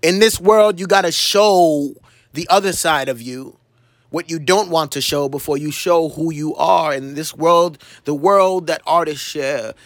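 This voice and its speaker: A man's voice: on the high side, fairly bright tone, dry recording, clean studio sound. A man hosting a podcast in an impassioned spoken monologue, repeating phrases for emphasis and asking rhetorical questions like a preacher. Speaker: podcast host.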